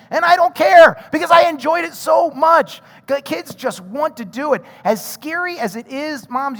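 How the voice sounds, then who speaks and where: A pastor preaching a sermon, telling stories animatedly and acting out quoted voices. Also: male voice, very high-pitched, a bit bright. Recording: long reverb of a large hall.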